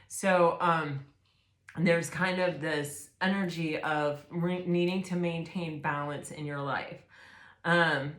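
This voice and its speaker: A woman giving a casual tarot reading to her viewers, gushing and excitable, full of fillers and exclamations. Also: on the low side, echoey room. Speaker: tarot reader.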